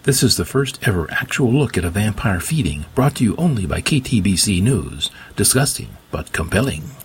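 A cold, ambitious woman reporter, as voiced by a male audiobook narrator who delivers hushed broadcast lines. The voice sits a little higher than his own husky voice. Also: very animated, normal speed, heavily acted. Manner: hushed, crisp on-air delivery. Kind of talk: audiobook character voice.

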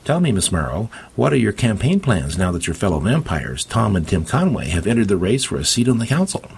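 A man voicing a pushy female TV news reporter with a brisk on-air delivery. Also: fairly low pitch, very animated, gravelly, darkish tone, slightly rough, pitched above the performer's own voice, exaggerated voice.

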